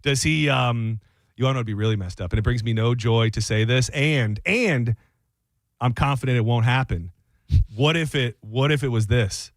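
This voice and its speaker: A man's voice: mid-range voice, normal speed, dry recording. Rambling male sports radio host. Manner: loose, rambling, lots of restarts.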